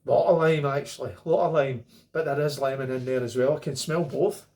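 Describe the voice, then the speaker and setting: A man's voice: medium pitch, fairly even intonation, a little fast, dark tone. A middle-aged Scottish man talking casually to camera as he reviews a beer, rambling and joking. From Scotland. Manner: chatty, rambling, jokey asides.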